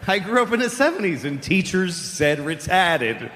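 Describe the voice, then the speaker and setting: A middle-aged stand-up comic from the Boston area talks in a deadpan, sardonic way, with a bright tone and a pitch that jumps around a lot. Long hall reverb rings behind him from the stage mic, with a faint hiss. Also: male voice, moderate pace. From Boston area, United States. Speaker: stand-up comedian. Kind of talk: stand-up comedy routine.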